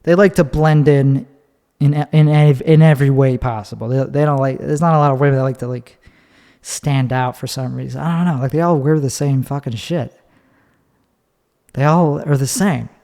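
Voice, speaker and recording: A man's voice: mid-range voice, fairly even intonation, moderate pace, vocal fry, mellow, long reverb tail. A man hosting a solo podcast, talking in a profane, rambling, opinionated way while standing. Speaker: podcast host. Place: recorded standing up.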